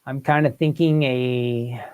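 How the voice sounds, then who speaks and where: The audio is narrow and tinny as a man with a mid-range, clean voice speaks slowly and fairly evenly. He hosts a casual livestream, thinking aloud through word quiz questions and polling viewers for answers.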